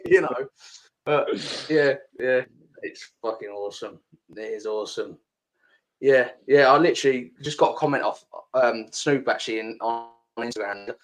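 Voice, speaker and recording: A man's voice: mid-range voice, expressive, measured pace, poor audio. A man hosting a podcast as a casual chat, talking freely and swearing a lot. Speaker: podcast host. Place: home, sitting with laptop.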